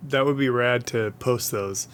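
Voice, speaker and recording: A man hosting a podcast interview in casual chat, laughing often and reacting with quick enthusiastic remarks. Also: medium pitch, a bit bright, clear, resonant tone. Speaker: podcast host.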